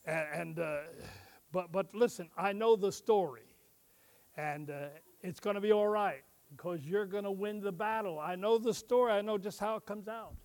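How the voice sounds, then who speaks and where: A man's voice: high voice, normal speed, a little mellow. A man doing a comic ventriloquist Bible story, patient and coaxing, with lots of fillers.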